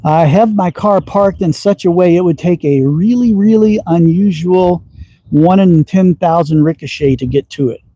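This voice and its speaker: Man, slight Southern accent, mellow husky voice, folksy and teasing, outdoor livestream chat. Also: sits high, normal speed, highs cut off. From Texas. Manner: folksy, teasing, chuckles often. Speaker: slingshot livestream host. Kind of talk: casual livestream chat while shooting. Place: outdoor backyard shooting range.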